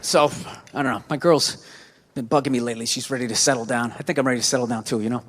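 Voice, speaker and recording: A man with a Boston accent doing a stand-up comedy set, ranting sarcastically and swinging from low mutters to yelled bits. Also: fairly even intonation, fast. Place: comedy club stage. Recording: reverberant venue with crowd laughter. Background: audience laughter.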